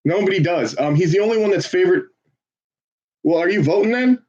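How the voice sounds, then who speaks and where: A man volunteering as a phone banker, chatting casually and swearing between calls, then switching to an upbeat salesman's pitch on the phone. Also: a little fast, a little mellow, highs cut off. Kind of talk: casual livestream chat with live phone calls.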